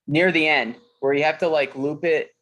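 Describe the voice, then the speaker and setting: A man's voice: on the high side, steady tone, normal speed, a bit bright. A man in casual podcast chat, swearing freely and rambling with fillers as he tells a story. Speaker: podcast co-host.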